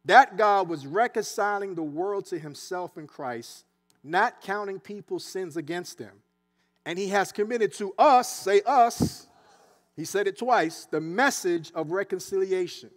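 A man preaching a sermon in a church, animated and conversational, with asides and dialect. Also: sits high, measured pace, soft background music. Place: church sanctuary.

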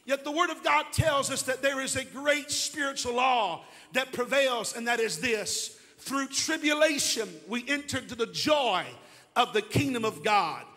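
A grieving pastor preaches with a high, bright and forceful voice. He swells into ringing, shouted declarations of faith. His sermon carries a long echo through a large church hall. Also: unhurried, exaggerated voice. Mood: earnest.

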